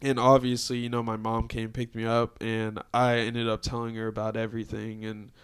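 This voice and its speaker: A man's voice: lowish voice, monotone, brisk, clear, resonant tone. A young man hosting a podcast, telling a story in a laid-back, casual way, swearing often and calling everyone "dude". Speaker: podcast host.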